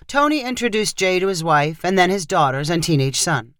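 A narrator giving a steady, scripted reading of a short story. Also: medium pitch, fairly quick, hardly any pauses, no echo, clean studio sound.

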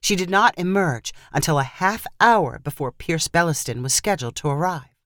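Woman reading a story, lively up-and-down voice, dry close mic. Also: low voice, moderate pace, no room sound. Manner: expressive, animated reading. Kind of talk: storybook narration.

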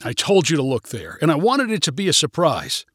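A man's voice: a little high, sing-song, a little fast, a bit bright, breathy edge, no echo, clean studio sound, exaggerated voice. A man voicing an earnest, frustrated young boyfriend in a read-aloud story. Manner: earnest, exasperated.

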